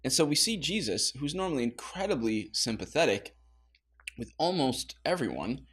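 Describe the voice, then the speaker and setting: A man's voice: mid-range voice, big pitch swings, moderate pace, fairly bright tone, breathy edge. A man pastor leading a casual Bible study, talking conversationally with laughing asides.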